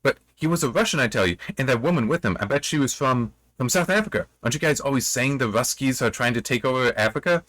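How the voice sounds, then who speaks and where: A man's voice: mid-range voice, lively intonation, quick pace, hardly any pauses, fairly bright tone, no room sound, lightly acted. A man voicing a paranoid male bystander who insists he has spotted foreign spies, in an audiobook-style reading. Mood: insistent. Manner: insistent, conspiratorial.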